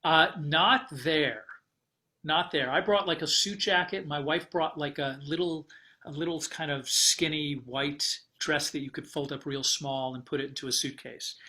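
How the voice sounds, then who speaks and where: Bright-voiced man telling a travel story. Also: on the high side, unhurried. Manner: animated, rambling storyteller with fillers and restarts. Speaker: guest, travel writer and publisher. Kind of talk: casual storytelling interview.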